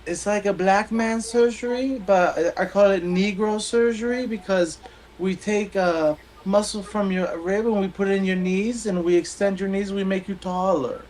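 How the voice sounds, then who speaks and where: A man voicing a fussy male doctor in a joke, speaking clipped broken English in a high sing-song voice. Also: fairly even intonation, normal speed, a little mellow, slight background noise, natural voice, low-quality recording. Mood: cheery. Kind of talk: joke-telling impression.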